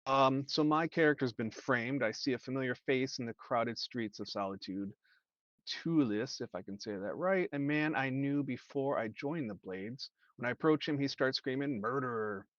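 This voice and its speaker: A man of middle pitch takes his turn as a guest player at a tabletop game. He reads his quest aloud and asks casual questions about the rules. The sound is dry and a little dull. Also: normal speed, fairly bright tone, no echo.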